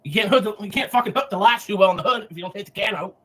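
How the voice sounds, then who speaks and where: A drunk man ranting loudly and cursing a lot, his voice swinging between yelling and muttering. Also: sits high, racing, few pauses. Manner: loud, profane, drunken yelling. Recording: distant mic, hissy stream audio.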